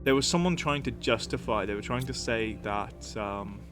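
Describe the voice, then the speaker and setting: A man's voice: on the low side, lively intonation, moderate pace, over music. A man streaming a game and chatting casually, musing aloud with lots of fillers and restarts. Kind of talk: casual live-stream chat.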